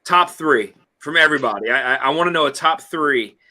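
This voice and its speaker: A man with a bright, forceful tone hosts a relaxed group conversation. He rambles, restarts sentences and stacks up fillers as he thinks aloud. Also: fairly high pitch, fairly quick. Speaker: host of a whiskey review livestream. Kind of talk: casual group chat.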